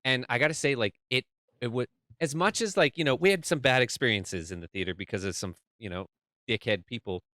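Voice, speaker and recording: Man, podcast co-host, smooth clear voice, animated, dry recording. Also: medium pitch, dry recording. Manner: animated, acts out crowd reactions. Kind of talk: casual podcast chat.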